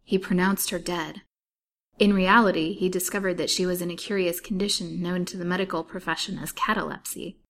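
A woman's voice: lowish voice, steady tone, brisk, fairly bright tone, slight background noise. A woman reading aloud in the voice of a weak, bitterly wronged young wife, earnest and pleading.

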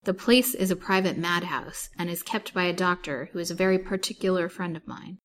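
A woman's voice: fairly low pitch, steady tone, a little fast, a bit bright, slight background noise, close to an everyday voice. A woman voicing a brusque, scheming male physician in a storybook reading, commanding and impatient. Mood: conspiratorial.

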